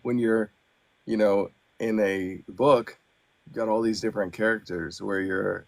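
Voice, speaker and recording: A man who narrates audiobooks talks on a podcast in a low, gravelly voice. He's animated and loose, full of fillers. The sound is dry and close, with no room around it. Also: normal speed, no echo. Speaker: audiobook narrator and actor, guest. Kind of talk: casual podcast chat.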